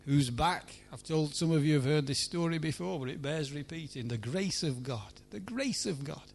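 A man preaching a sermon at a church meeting, emphatic, swinging between loud pleading and hushed lines. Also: fairly high pitch, expressive, normal speed, gravelly, slight background noise.

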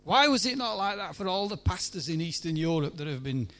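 A man preaching a sermon at a church meeting, emphatic, swinging between loud pleading and hushed lines. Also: high voice, sing-song, fairly quick.

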